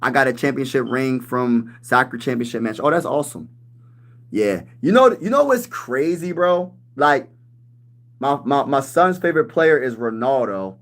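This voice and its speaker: A man in his thirties hosting a casual sports livestream, talking loose and slangy, calling everyone "bro" and breaking into shouts when he gets riled up. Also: medium pitch, animated, normal speed. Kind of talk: casual livestream chat reading comments.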